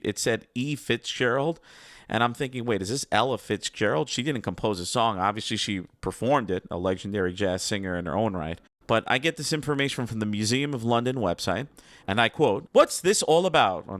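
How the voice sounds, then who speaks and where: Guy rambling happily about old cartoon music, lowish voice, dry sound, keeps going off on tangents. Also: a bit bright, dry recording. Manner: enthusiastic, digressive, reads quotes aloud. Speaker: music segment presenter on an animation review show. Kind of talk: casual commentary.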